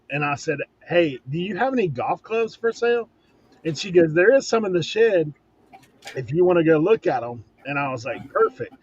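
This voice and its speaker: A man's voice: on the high side, highs cut off, a little hiss or hum. A man in casual chat on a video call, telling a bargaining story with laughs. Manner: laughs through his stories. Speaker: reseller on a panel.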